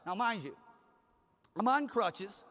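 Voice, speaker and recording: A man from Cleveland, Ohio, speaks slowly in a high, fairly bright voice with big swings in pitch. He's a conference speaker giving a motivational keynote on a large hall stage, telling a story energetically and acting out the dialogue, with hall reverb from the stage PA.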